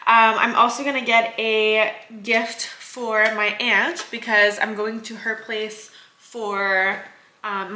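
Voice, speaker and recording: Young woman, casual vlogger, higher voice, rambling filler-heavy chat, noisy recording. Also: bright, forceful tone. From Canada. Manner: chatty, rambling, giggly, lots of "like" and "um". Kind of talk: casual vlog chat to camera. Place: car, parked.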